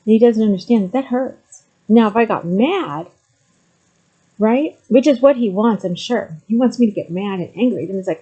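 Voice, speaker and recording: A woman's voice: mid-range voice, expressive, normal speed, warm tone, slightly rough, dull audio. A middle-aged woman talking candidly to the camera, with frequent ums, moving between hesitant and emphatic speech. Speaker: vlogger sharing personal story. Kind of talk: candid personal talk to camera.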